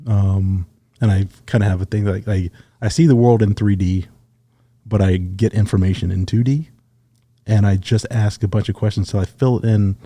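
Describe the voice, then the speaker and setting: Middle-aged male guest, deep and mellow, laid-back storyteller. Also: moderate pace, no echo, clean studio sound. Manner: relaxed storyteller, acts out quoted dialogue. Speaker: guest, retired Navy SEAL sniper. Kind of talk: casual storytelling interview.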